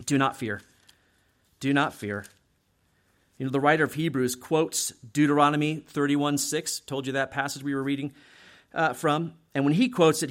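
Middle-aged guy preaching, kinda high voice, keeps saying right? like he's just talking with folks. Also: fairly bright tone. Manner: conversational, frequent "right?" tag questions. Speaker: pastor. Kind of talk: sermon.

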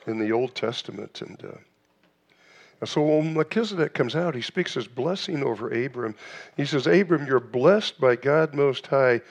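A man preaching a sermon in a church, asking rhetorical questions, with frequent restarts and fillers. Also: mid-range voice. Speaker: pastor.

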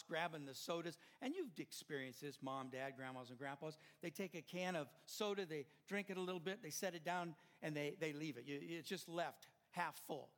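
Older male pastor, high-pitched, passionate preaching style with rising builds. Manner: impassioned preaching, swelling louder at climaxes. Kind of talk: sermon.

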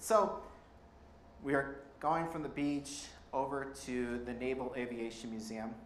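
A man preaching a sermon, telling a travel story in a conversational, animated way with occasional laughs. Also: medium pitch, unhurried. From Colorado. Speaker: pastor. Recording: roomy hall sound with faint background noise.

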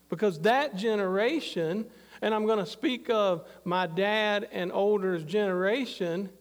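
A man's voice: sits high, unhurried, long reverb tail. A middle-aged man preaching a sermon, talking in a conversational, anecdotal way full of asides. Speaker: pastor.

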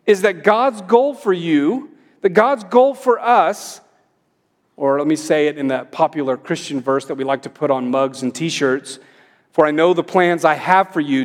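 A middle-aged man preaching a sermon as pastor, emphatic and rising on the commands he repeats. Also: on the high side. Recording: long hall reverb.

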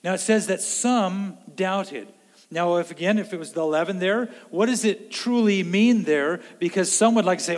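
A man preaching a sermon in an earnest way, swinging between loud emphasis and hushed low lines. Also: moderate pace, long reverb tail. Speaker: pastor.

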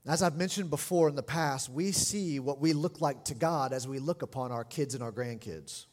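A middle-aged man preaching a sermon as pastor, animated and expressive, lively in his delivery. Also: fairly high pitch. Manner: animated preaching, lively mimicry of scolding parents. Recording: long hall reverb.

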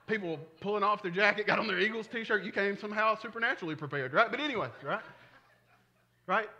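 High, forceful pastor. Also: male voice, quick pace, dull audio. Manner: conversational, animated preaching with frequent chuckles. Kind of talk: sermon.

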